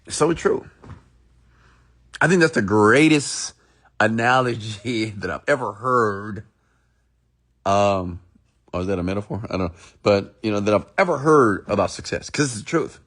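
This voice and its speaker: A man's voice: lowish voice, moderate pace, a bit bright. A man telling a motivational story in a rambling, emphatic, repetitive way. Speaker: motivational speaker.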